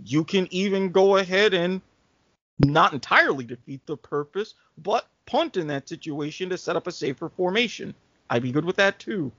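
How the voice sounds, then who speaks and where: Podcast co-host, man with a high voice, thinks aloud as he talks; dry, muffled recording. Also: expressive, fairly bright tone, no echo. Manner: halting, thinks aloud with fillers. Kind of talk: casual sports podcast chat. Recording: dull, dry lo-fi podcast audio.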